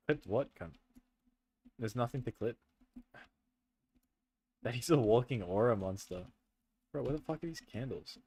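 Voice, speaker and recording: A man's voice: fairly low pitch, darkish tone. Jumpy swearing young male streamer. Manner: swearing, jumpy, nervous laughing, says bro a lot. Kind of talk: horror game livestream chat with friends.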